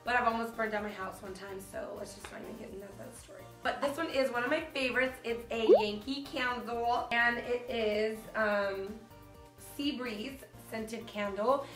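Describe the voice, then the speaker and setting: A young woman chatting casually to the camera as a beauty vlogger, animated and full of fillers like "like", filmed in a hotel room. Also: on the high side, normal speed. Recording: echoey room with faint music.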